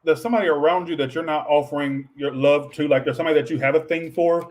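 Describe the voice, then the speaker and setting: A man with a slightly higher voice rambles through a tarot reading for his viewers. He talks offhandedly and swears often, breaking off to answer his chat. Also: steady tone, fast. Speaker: tarot reader.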